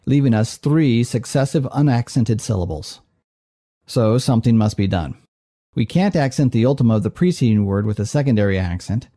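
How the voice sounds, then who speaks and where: A man with a dark, mellow voice walks through a grammar lesson step by step. He explains in a calm, methodical way, sounding scripted and even. His pitch sits in an ordinary middle range. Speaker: Greek professor.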